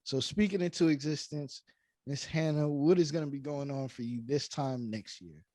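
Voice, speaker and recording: Chatty higher-voiced male podcast host. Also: moderate pace, no room sound, studio quality. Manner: relaxed, chatty, enthusiastic. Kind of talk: casual conversation.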